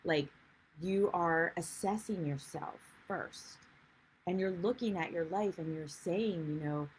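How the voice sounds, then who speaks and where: A woman's voice: on the low side, measured pace, slight background noise, low-quality recording. A woman life coach giving a chatty, rambling livestream talk and greeting viewers as she goes. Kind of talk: live-streamed coaching talk.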